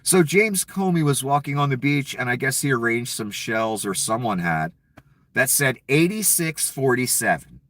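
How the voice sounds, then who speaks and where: A man's voice: medium pitch, animated, moderate pace, a bit bright, dry recording. A man giving an angry, profane political rant with a sarcastic, heated delivery. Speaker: political commentator.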